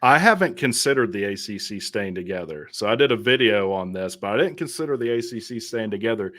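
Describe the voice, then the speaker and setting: A lower-voiced man with a Southern American accent joins a podcast as a guest. He talks casually and throws in dry, joking remarks. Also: animated, a little fast, fairly bright tone. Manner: joking, wry. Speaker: guest YouTuber. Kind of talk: casual interview chat.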